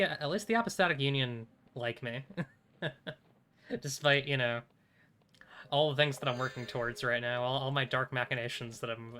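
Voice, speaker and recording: Bright-voiced man streaming a game. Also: medium pitch, a little hiss or hum. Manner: chatty, swears freely, talks to himself in short bursts. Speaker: streamer playing a video game. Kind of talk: casual live gameplay commentary.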